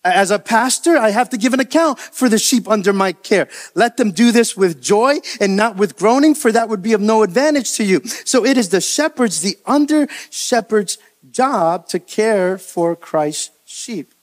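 A man preaching as pastor, animated, acting out the voices of the people he quotes. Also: sits high, moderate pace, hardly any pauses. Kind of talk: sermon.

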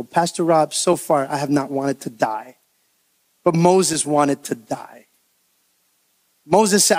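A man preaching as pastor, animated, acting out the voices of the people he quotes. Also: high voice, a little slow. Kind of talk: sermon.

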